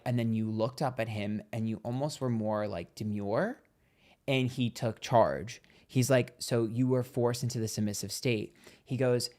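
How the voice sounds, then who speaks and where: Guy livestreaming, gossipy storytime vibe, acts out the quotes, plain mid voice. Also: medium pitch. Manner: chatty and gossipy, acts out quotes, reads donations aloud. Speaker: psychic tarot livestream host.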